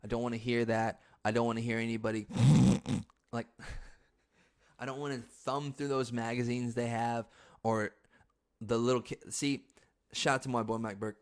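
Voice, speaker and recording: A young man hosting his own podcast, chatting casually about his week. He talks loosely and profanely, jumping between quiet asides and sudden loud bursts. His pitch sits in an ordinary middle range. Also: fairly even intonation, moderate pace, long pauses, clean tone. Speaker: podcast host. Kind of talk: casual storytelling monologue.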